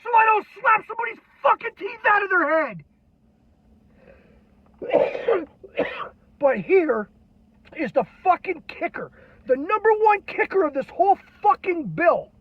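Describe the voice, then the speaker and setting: Brief: furious veteran ranter, strained very high voice, constant swearing, dull lo-fi recording. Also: male voice, very animated, unhurried, long pauses. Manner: irate, heavily profane, shouting. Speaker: military veteran ranting on video. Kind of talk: angry political rant. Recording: dull lo-fi, dry sound.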